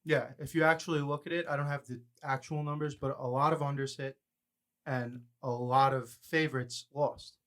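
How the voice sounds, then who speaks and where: A man hosting a casual sports betting podcast, brash and fast-talking, ribbing his co-host. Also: medium pitch, steady tone, a bit bright. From New York area.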